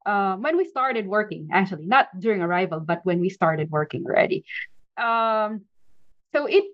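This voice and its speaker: A woman's voice: mid-range voice, moderate pace, dry recording, dull audio. Laughing woman telling her story. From Philippines. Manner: animated, laughs often, frequent restarts. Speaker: podcast guest. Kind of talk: casual interview storytelling.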